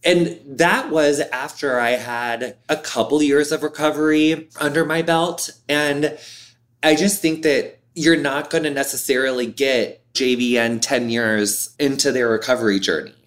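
A man in his thirties, an interview guest, talking candidly in an expressive, animated way with lots of "like". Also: mid-range voice, measured pace. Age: 30s.

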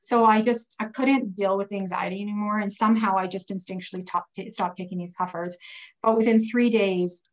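Woman guest, personal testimony, chatty and animated, stumbles and restarts, mid-pitched voice. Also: poor audio. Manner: animated retelling with frequent restarts and "like". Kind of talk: casual personal storytelling.

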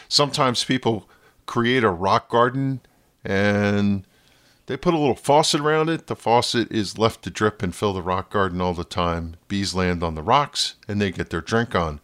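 A man with a New Jersey accent hosts a podcast from a script, his voice sitting a little low. He talks in a playful way and sometimes slips into a radio-announcer voice. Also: a bit bright. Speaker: podcast host.

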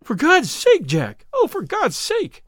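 A man's voice: high-pitched, very animated, normal speed, no echo, clean studio sound. A man reading a story aloud, voicing a frightened young woman who pleads with her lover. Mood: desperate. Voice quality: breathless, imploring.

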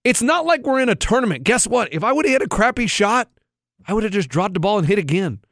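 A man co-hosting a casual podcast chat, telling an animated story and acting out the people in it. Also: sits high, brisk, no room sound, clean studio sound. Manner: animated storyteller, acts out quotes.

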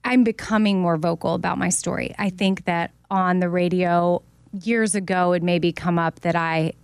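A woman's voice: fairly low pitch, steady tone, moderate pace, clear, resonant tone, dry recording. A woman co-hosting a talk show, sharing a personal story in an open, reflective, casual way. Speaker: co-host. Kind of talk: candid casual chat.

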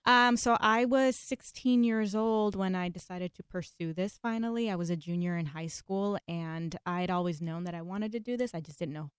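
Actress guest from Los Angeles, smooth tone, animated storyteller. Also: female voice, on the low side, normal speed, hardly any pauses, dry recording, studio quality. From Los Angeles, USA. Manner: chatty, laughs often, animated storytelling. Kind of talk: casual interview conversation.

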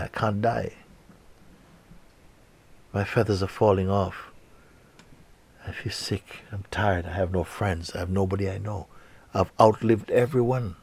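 A man's voice: lowish voice, breathy edge, exaggerated voice. A man voicing an ancient, weary male raven who pleads mournfully and begs not to be envied.

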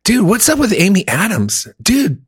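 A man's voice: high voice, huge pitch swings, normal speed, breathy edge, no room sound, studio quality. A man in casual chat, ranting about movies with heavy profanity.

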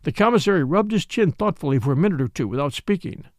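A man reading a mystery novel aloud in an expressive, animated style of scripted narration. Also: a little high, fast, dry recording, clean studio sound. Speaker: audiobook narrator.

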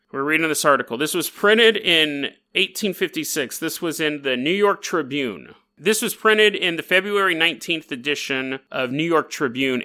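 A man hosting a podcast, telling a spooky history story in a casual, joking way and acting out the people in it. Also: a little high. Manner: animated, jokey, acts out characters. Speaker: podcast host.

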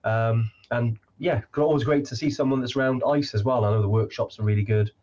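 Male live-stream host, husky, chatty, lots of ums, muffled audio. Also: mid-range voice, fairly even intonation, a little fast, a little mellow. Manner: hesitant, many fillers, chatty. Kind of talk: casual live chat.

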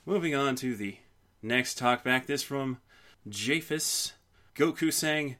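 A man's voice: mid-range voice, slow, sharp tone. A man hosting a podcast in casual chat, playful and giggly, tossing off jokey quips and reading listener comments.

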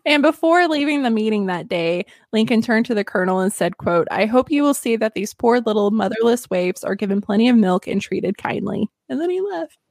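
Lively chatty woman podcaster. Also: fairly high pitch, brisk, few pauses, no echo, clean studio sound. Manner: chatty, giggly, lots of fillers. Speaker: podcast host. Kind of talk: casual history podcast storytelling.

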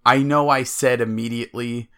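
Gravelly guy cohosting a sports podcast, gets all worked up telling stories. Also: mid-range voice, normal speed. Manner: excitable, animated storytelling. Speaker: podcast co-host. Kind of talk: casual sports chat.

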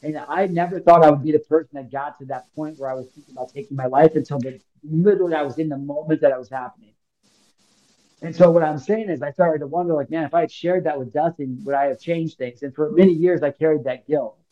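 A man in his thirties tells a heavy personal story in loose, slangy talk, and he acts out the lines he quotes. His voice sits a little high but sounds mellow and dark. The recording is dull and lo-fi. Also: fast. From Illinois, United States. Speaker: podcast guest.

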